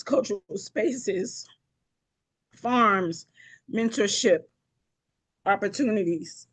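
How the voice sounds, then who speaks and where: Impassioned woman keynote speaker on a video call. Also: medium pitch. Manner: impassioned, rhythmic lists, frequent apologies. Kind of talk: emotional anniversary speech. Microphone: video call mic.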